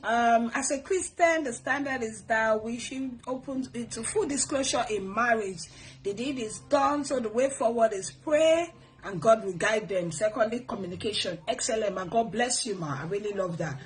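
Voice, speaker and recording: A middle-aged woman with a Nigerian accent hosts a casual advice talk, reading viewer comments in an animated, preachy manner and blessing her viewers. Her voice is on the high side at normal speed, and the recording is rough.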